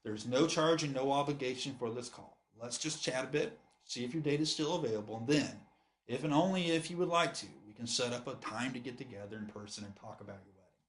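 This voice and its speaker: An earnest man from the United States makes a persuasive sales pitch, stumbling and restarting now and then. His voice sits at an ordinary middle pitch. The room around him adds a clear echo. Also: quick pace. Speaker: wedding photographer. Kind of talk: promotional talk to camera. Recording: roomy echo.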